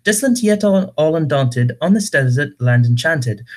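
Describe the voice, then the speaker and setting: A man's voice: fairly high pitch, animated, a little slow. A man putting on a fake British reciter. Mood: dramatic.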